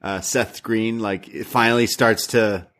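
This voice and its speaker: A man's voice: on the low side, steady tone, measured pace, fairly bright tone. Rambling, jokey man talking wrestling. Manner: rambling, jokey, many fillers. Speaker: wrestling podcast co-host. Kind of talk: casual recap chat.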